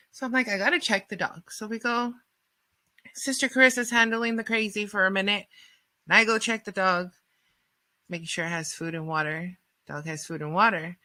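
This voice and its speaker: A woman radio host telling a rambling story in a casual, animated way, full of fillers and acted-out quotes. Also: medium pitch, dry recording.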